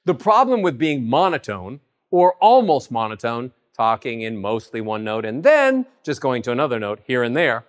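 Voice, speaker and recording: A man giving a voice lesson, teaching in an animated way and swooping high and low in pitch to demonstrate. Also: normal speed. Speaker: voice coach. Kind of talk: spoken voice lesson.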